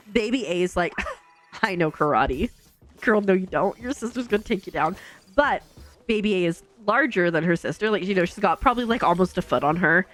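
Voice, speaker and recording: A woman's voice: medium pitch, fairly bright tone. A woman streamer telling a long family story in casual, chatty talk full of fillers.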